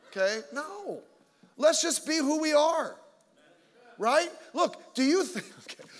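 High-voiced man preaching in a reverberant hall. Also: fairly bright tone. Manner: blunt, joking, mocking asides. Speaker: pastor. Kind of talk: sermon. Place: church sanctuary. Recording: long church hall reverb.

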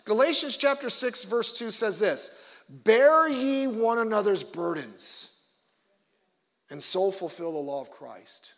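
A male pastor preaching a conversational sermon with joking asides, swinging between loud emphasis and quiet low remarks. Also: animated, slow, big-room sound.

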